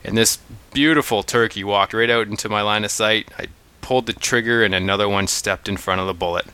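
Guy on a podcast telling a hunting story all pumped up, bright crisp voice, dry sound. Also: on the low side, fairly quick, no echo. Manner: animated, restarts often, acts out calls. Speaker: podcast co-host. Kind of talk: casual storytelling chat.

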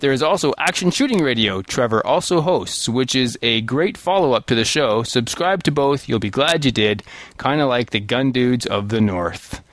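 A man's voice: medium pitch, animated, normal speed, fairly bright tone, no room sound. A man co-hosting a podcast, laid-back and jokey, reading listener reviews. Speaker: podcast co-host. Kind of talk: casual podcast chat.

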